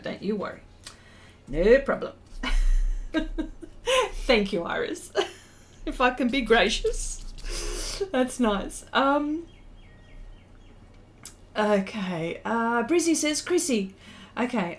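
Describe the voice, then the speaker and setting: A middle-aged woman with an Australian accent, hosting a livestream and reading out viewer comments. She talks in an unhurried, chatty way, slightly high-pitched, with lots of fillers and frequent laughs. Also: animated. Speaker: art livestream host. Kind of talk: casual chat reading viewer comments while drawing.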